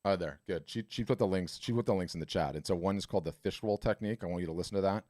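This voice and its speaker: A man's voice: sits low, very fast, darkish tone, no room sound, clean studio sound. A man hosting a webinar, coaching a caller emphatically and ending points with "right?". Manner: emphatic, salesy, repeated "right?" tags. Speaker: webinar host and art business coach. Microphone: video call.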